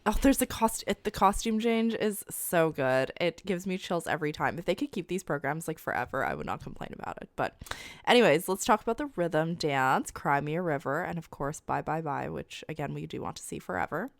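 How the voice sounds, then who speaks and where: A young woman co-hosting a podcast in casual chat, hoarse from being sick, joking and laughing often. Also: low voice, expressive, brisk, no echo. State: hoarse from illness. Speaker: podcast co-host.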